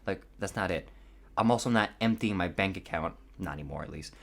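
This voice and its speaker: Rambling, profane young man, lowish voice. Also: a little fast, creaky, a bit bright. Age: around 20. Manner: rambling, profane, nervous with voice cracks. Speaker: podcast host. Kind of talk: casual confessional monologue.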